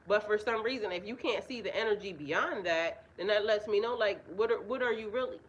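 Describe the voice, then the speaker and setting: A woman's voice: a little high, animated, normal speed, lo-fi sound, a little hiss or hum. A woman giving a casual astrology reading outdoors in a yard, talking bluntly and with heavy profanity, often breaking into laughter. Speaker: spiritual reader and life coach. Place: outdoors in a yard with birds nearby.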